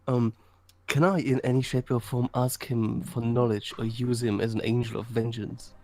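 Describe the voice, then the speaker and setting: A man's voice: medium pitch, flat delivery, normal speed, a little mellow. A man playing a tabletop game, casual, stammering, and swearing. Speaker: player.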